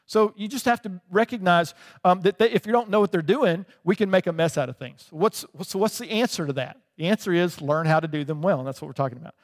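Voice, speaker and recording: The recording carries a long hall reverb as a fast-talking pastor with a high-sitting voice delivers his sermon. He keeps it conversational, checking in with the audience through frequent "right?" asides.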